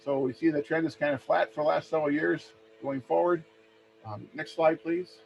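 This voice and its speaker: A man from Minnesota, calmly presenting price charts in a webinar and asking for each next slide. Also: a little high, moderate pace, vocal fry. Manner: plain, steady walk-through of price charts, asks for next slide often. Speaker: extension educator presenting a webinar. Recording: dull lo-fi webinar audio with faint hum.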